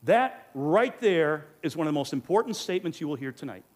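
This pastor's voice is fairly high, slightly mellow, and sing-song, and he moves briskly. He gives an earnest, emphatic teaching sermon at a Bible study, speaking into a microphone and asking rhetorical questions.

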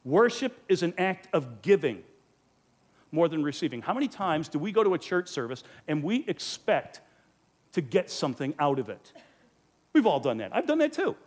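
A man's voice: on the high side, big pitch swings, moderate pace, darkish tone. A man in the role of pastor, giving an earnest, emphatic teaching sermon into a microphone and asking rhetorical questions. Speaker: pastor teaching a Bible study.

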